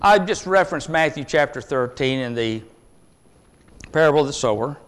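A man's voice: fairly high pitch, lively intonation, moderate pace, smooth. Earnest preacher man in echoing hall. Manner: earnest, emphatic, swings between loud and hushed. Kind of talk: sermon.

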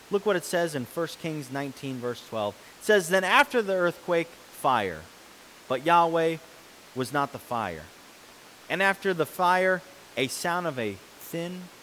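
A man preaching a sermon, reading scripture and explaining it, who swings between loud, forceful passages and soft, quiet ones. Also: on the high side, a little hiss or hum, rough recording.

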